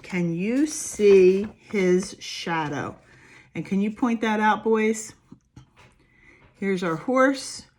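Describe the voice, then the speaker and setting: A woman's voice: medium pitch, fairly bright tone, a little hiss or hum. A woman preschool teacher reading a picture book and explaining worksheets, patient and encouraging, asking the little ones questions as she goes. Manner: slow, patient and encouraging, asks the children questions. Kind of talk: reading a picture book and walking through worksheets for small children.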